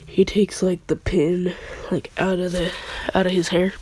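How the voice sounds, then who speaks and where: Slow, husky, congested young storyteller. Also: mid-range voice, little pitch movement, darkish tone. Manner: rambling, slangy, often breaking into laughter. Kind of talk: casual improvised fan story narration.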